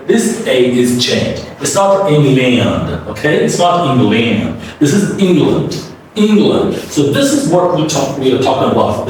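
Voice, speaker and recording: A man's voice: medium pitch, slight background noise. A man teaching English pronunciation in a step-by-step lesson, often checking in with his listeners. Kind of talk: spoken classroom lesson. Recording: roomy echo, mic at a distance.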